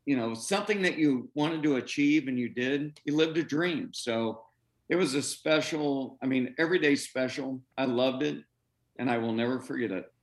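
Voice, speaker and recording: A middle-aged man, a former pro pitcher, telling a story in an interview and acting out what others said. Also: moderate pace. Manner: animated, acts out quoted voices, breaks into laughs.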